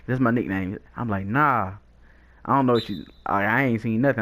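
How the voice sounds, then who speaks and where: A young man telling a lively, slangy storytime with frequent laughs, chatting while he plays a video game. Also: medium pitch, normal speed. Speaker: gaming YouTuber.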